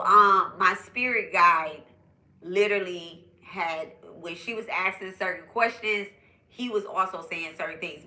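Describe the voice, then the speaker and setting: Young woman medium chatting to her viewers, kinda low voice, echoey room. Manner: chatty, animated, addresses viewers directly. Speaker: spiritual medium. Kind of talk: casual storytelling to viewers.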